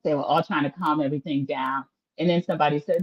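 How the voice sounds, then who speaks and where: A woman's voice: deep voice, quick pace, husky, highs cut off. A woman hosting a casual livestream recap of a reality show, chatty and opinionated, talking straight to her viewers.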